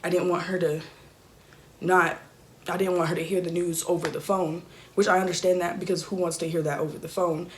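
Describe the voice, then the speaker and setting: A young woman telling an emotional personal story in a halting, soft-spoken way with many fillers. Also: fairly low pitch, flat delivery, a little hiss or hum. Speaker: YouTuber.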